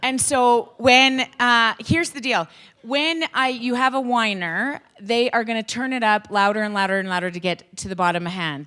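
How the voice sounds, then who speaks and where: A woman speaker and youth hockey coach giving an energetic, joking talk to educators. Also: mid-range voice.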